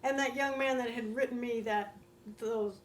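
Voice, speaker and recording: An older American woman, a guest, telling her own story with heartfelt, animated feeling. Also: a little high, moderate pace. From United States. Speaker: interview guest. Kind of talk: personal storytelling. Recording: roomy echo.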